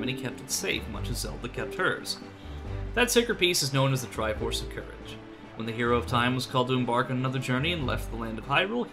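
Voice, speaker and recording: A man voicing an ancient, wise male talking boat, reading its legend aloud in a solemn, soft, low delivery over game music.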